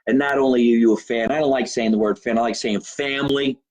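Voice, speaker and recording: A man's voice: medium pitch, steady tone, fast, a little mellow, low-quality recording. A male comedian, hosting his own live show from a home basement, rambling brashly, swearing and greeting viewers by name. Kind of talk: loose livestream chat to viewers.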